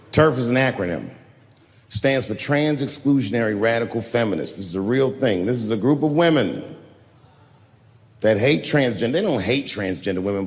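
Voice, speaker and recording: A male stand-up comedian telling stories live, animated and leaping into high shouted punchlines. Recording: live hall with long reverb, faint noise.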